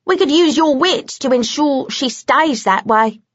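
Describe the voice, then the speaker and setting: A woman's voice: high voice, expressive, a little slow, no room sound, voice pushed up. A woman voicing a brash, sardonic male British vampire with a clipped, irritated manner, in a dull, dry recording. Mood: wry.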